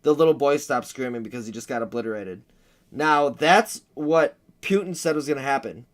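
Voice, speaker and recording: A man's voice: mid-range voice, normal speed. A man hosting a livestream, commenting crudely and jokingly on a map. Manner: crude, joking, acts out war noises. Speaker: livestream host.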